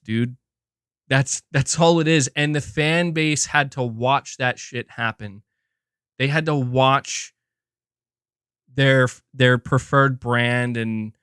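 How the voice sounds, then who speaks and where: A man hosting casual gaming commentary, animated and profane, restarting sentences and slipping into mocking impressions. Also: mid-range voice, clean tone, no room sound, studio quality.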